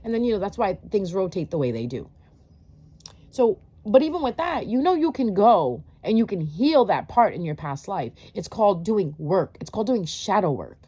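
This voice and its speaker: This tarot reader speaks in a medium-pitched, sing-song voice at a moderate pace, her tone dark and slightly rough. In a casual monologue to her viewers she preaches bluntly, swears freely, and fires off rhetorical questions amid plenty of filler words.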